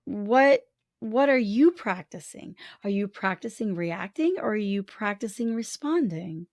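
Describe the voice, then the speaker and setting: With a medium-pitched, darkish, expressive voice at a measured pace, a woman co-hosting a podcast talks candidly and acts out quoted thoughts with feeling. The recording is dry.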